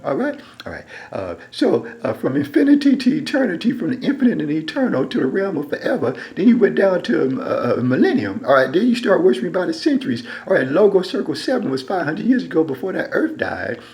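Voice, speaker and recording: A man delivering a rambling, repetitive monologue into a phone, dropping to a low mutter and then rising into loud, emphatic bursts. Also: rough recording. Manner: repetitive, keeps saying "all right". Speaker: self-styled preacher.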